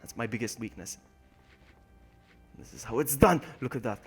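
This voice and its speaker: At a moderate pace and over soft background music, a man streams a game live, greeting viewers by name and mocking himself. He's excitable, yelping high when things go wrong or danger hits, then muttering low. It's live gameplay commentary.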